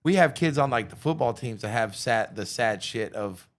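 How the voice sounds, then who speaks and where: A man's voice: medium pitch, lively intonation, moderate pace. A man on a podcast as a guest, talking bluntly and swearing often as he tells earnest stories about the kids he works with. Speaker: guest host. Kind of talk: casual podcast chat.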